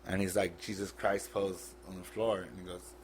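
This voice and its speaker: Low-voiced man telling a grim story. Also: flat delivery, slight background noise. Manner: blunt, profane, halting retelling. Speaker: podcast guest. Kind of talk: casual storytelling.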